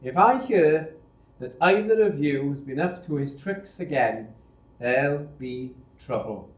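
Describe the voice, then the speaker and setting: A man's voice: a little high, animated, measured pace. A man reading aloud, voicing a stern, sarcastic male foundry foreman who demands answers, recorded with roomy echo. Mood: stern demanding.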